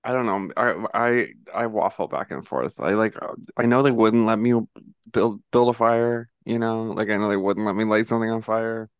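A man's voice: on the low side, steady tone, normal speed, smooth, dry recording, dull audio. A man chatting as a guest on a podcast, hesitant and understated with a dry humor. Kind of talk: casual chat.

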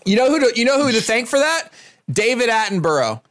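Casual podcast co-host, American man, high and lively voice, profane, loose storyteller. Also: fast talker. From United States. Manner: animated, profane, laughing storyteller. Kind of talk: casual chat.

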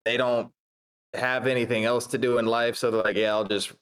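A man with an ordinary mid-range voice chats casually on a podcast. He keeps things relaxed, chimes in with short remarks and laughs easily. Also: mid-range voice, moderate pace, slight background noise.

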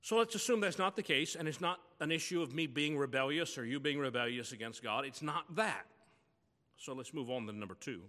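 Bright-voiced pastor preaching in a church. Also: male voice, mid-range voice, expressive, brisk, long reverb tail. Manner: conversational storytelling preaching. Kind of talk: sermon.

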